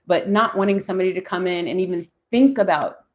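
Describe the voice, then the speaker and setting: This tarot reader, a woman in her forties, talks fast in a lowish voice while pulling cards live and musing to viewers. The sound is lo-fi.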